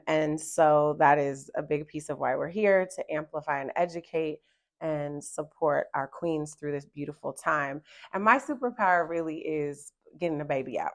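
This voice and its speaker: A woman from Oakland hosting a round table chat as a doula, excited and laughing often. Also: low-pitched. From Oakland, California. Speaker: host and doula.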